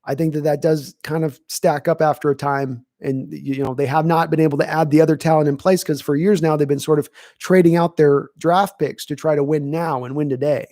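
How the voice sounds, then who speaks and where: A man's voice: on the high side, steady tone, brisk, few pauses, warm tone, no echo, clean studio sound. A man hosting a live sports stream, chatting casually and answering viewers' questions from the chat as he thinks aloud. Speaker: podcast host reading live chat.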